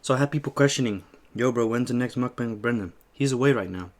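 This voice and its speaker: A young man eating on camera and telling a story in a casual, animated way, swearing freely as he acts out an argument at a shop. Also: mid-range voice, fast talker. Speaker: mukbang host.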